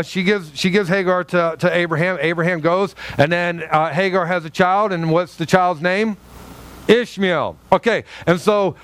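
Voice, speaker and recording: A man's voice: sits high, a bit bright. Joking pastor quizzing his congregation. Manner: jokey, quizzes the congregation, acts out quotes. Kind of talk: conversational sermon. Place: church sanctuary.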